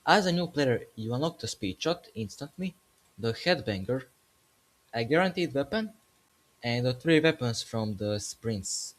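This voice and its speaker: A man's voice: medium pitch, expressive, a little slow. Joking, rambling male gaming commentator. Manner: jokey, rambling, corrects himself mid-sentence. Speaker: gaming video creator.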